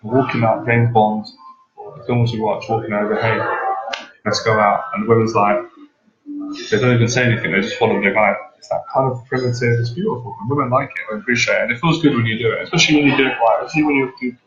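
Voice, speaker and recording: Man, mid pitch, rambling casual talk; roomy, noisy, lo-fi recording. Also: steady tone, quick pace, crowd noise. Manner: rambling, repeats himself, stumbles often. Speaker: dating coach. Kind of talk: casual advice chat.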